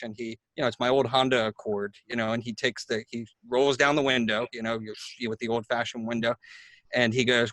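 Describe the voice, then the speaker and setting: A man hosting a talk, telling a story in a chatty, animated way with frequent restarts. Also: medium pitch, brisk, no room sound. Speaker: host. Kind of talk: casual conversational storytelling.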